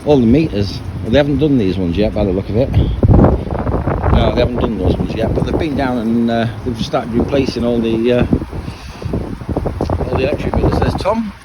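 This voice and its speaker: A man talks through a casual walking commentary at a marina, chatty and rambling, often restarting sentences midway. His voice sits at an ordinary middle pitch for a man. Loud gusts of wind batter the camera microphone the whole time. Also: moderate pace. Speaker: vlogger and boat owner. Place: outdoors at a marina on a wet, windy day. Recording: loud wind noise on the mic.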